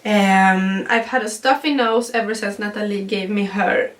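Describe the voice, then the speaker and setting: A young woman from Sweden talks through her pregnancy update in a casual vlog, her English carrying a Swedish first language. A stuffy cold gives her voice a nasal tone, and she fills pauses with ums and small laughs. She sits a little back from the mic, so her voice sounds slightly distant. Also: medium pitch, fairly even intonation. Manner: chatty, frequent ums, laughs between sentences. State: stuffy nose. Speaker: vlogger.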